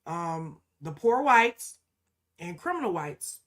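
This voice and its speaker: A woman's voice: lowish voice, big pitch swings, slow pace. A woman co-hosting a podcast in casual, emphatic conversation, often punctuating her points with "okay?" and slipping into mocking quoted asides. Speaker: podcast co-host.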